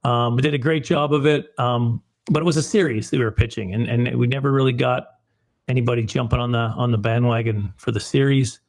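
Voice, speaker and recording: A man's voice: mid-range voice, fairly even intonation, a little fast, creaky. A man, a film producer, telling a long rambling story in a casual interview, self-deprecating and often restarting his sentences.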